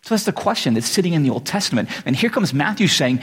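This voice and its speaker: A man preaching a casual, conversational sermon, acting out quick voices for the people in his stories. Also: fairly high pitch, breathy edge. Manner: conversational, animated, acts out voices. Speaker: pastor. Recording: reverberant hall.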